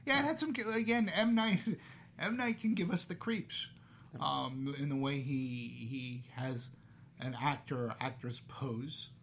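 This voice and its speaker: A man hosting a casual movie review chat, talking in an animated way with sarcastic asides. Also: mid-range voice, measured pace, a little hiss or hum. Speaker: podcast host.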